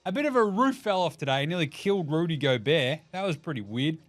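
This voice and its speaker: A man's voice: on the high side, animated, fairly quick, soft background music. A man in his thirties with an Australian accent, hosting a casual sports podcast, rambling and swearing as he jokes and puts on silly voices for quotes. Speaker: podcast host.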